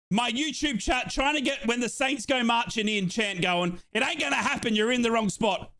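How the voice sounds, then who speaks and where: A man from Australia hosting a live football watchalong, calling scores and reading out chat with excited outbursts. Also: extremely high pitch, moderate pace, hardly any pauses. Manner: excitable, exclaims and reads chat. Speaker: watchalong streamer.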